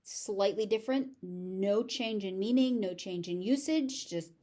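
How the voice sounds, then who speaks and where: An American woman teaching pronunciation, saying each word slowly and clearly several times and then explaining it. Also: mid-range voice, dark tone. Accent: General American. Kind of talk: slow, careful pronunciation lesson.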